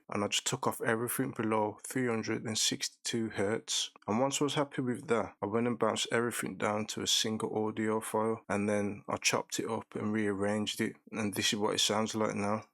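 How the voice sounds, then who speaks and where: A man hosting a beat-making tutorial, walking through each production step in a calm, methodical way. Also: lowish voice, moderate pace, creaky, hardly any pauses, no room sound.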